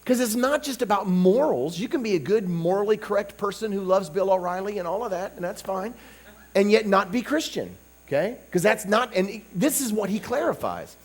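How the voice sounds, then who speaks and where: A man preaching at a revival in a fairly high, very lively voice that rises and falls a lot. He talks casually to the congregation and keeps asking "okay?", dropping to soft asides and then breaking into loud emphatic bursts. A faint mains hum sits under the recording. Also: moderate pace. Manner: conversational, peppered with "okay?" and "you know". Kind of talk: sermon.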